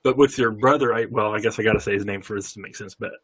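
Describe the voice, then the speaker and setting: Male host, bright forward voice, dry sound, laughs a lot while telling stories. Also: fairly low pitch, rapid-fire, breathy edge, dry recording. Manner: laughs often, animated storytelling. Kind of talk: casual chat.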